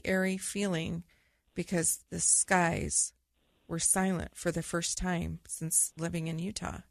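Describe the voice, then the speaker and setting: Middle-aged woman telling her story, low-ish voice, earnest and halting, dry close sound. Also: fairly bright tone, dry recording. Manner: earnest, halting, with repeated restarts. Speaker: podcast co-host. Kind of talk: personal storytelling.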